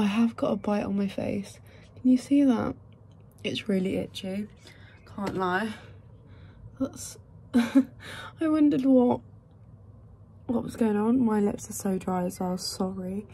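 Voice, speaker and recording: A young woman talks to the camera in a loose, rambling way and laughs often. Her pitch sits at an ordinary middle height for a woman, and she chats like she is talking to a friend. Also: a little mellow, slight background noise. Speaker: vlogger. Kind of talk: casual chat to camera.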